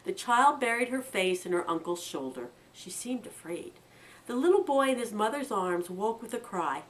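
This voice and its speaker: Expressive American woman reading a storybook aloud. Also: moderate pace, far from the mic, poor audio. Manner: expressive, lifting her pitch for quoted lines. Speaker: children's book reader.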